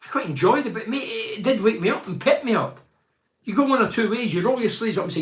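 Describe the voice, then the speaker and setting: A middle-aged man hosting a football podcast, giving forceful opinions and reading out listener comments, repeating himself for emphasis. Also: sits high, lively intonation, fast talker, roomy sound, slight background noise. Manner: emphatic and rhetorical, piles up repeated phrases.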